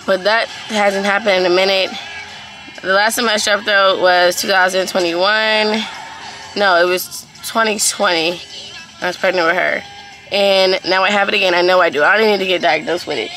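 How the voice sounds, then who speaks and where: A woman's voice: mid-range voice, bright, forceful tone. A young woman vlogging in a casual, chatty way, talking straight to her viewers as a mother.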